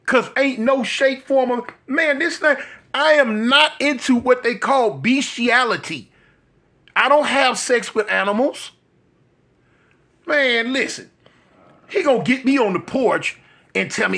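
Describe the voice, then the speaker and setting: Man spinning a comic story in slang, bright and punchy, voicing everyone he quotes. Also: very high voice, unhurried, vocal fry. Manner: animated, slangy, jumps into quoted voices. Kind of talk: comedic storytelling.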